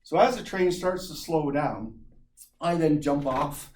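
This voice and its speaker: A man's voice: a little high, unhurried, slight background noise. Man telling a funny story. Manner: lively, chuckling, imitates sounds. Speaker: club speaker. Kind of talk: humorous personal storytelling speech.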